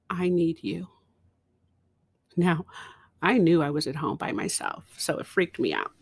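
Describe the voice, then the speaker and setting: A middle-aged woman speaks slowly and reflectively with a gravelly, low-set voice. She sometimes sinks into a near whisper. The recording is close and dry, with no room sound. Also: no echo. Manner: slow, reflective storytelling, dropping to a whisper at times. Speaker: podcast host. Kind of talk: personal testimony.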